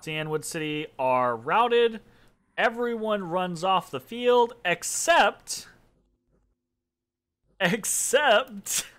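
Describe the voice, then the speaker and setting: A man's voice: high voice, lively intonation, drawn-out words, long pauses, a bit bright. A man casually commentating his own strategy game turn, rambling, correcting himself and making wry asides. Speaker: let's play commentator.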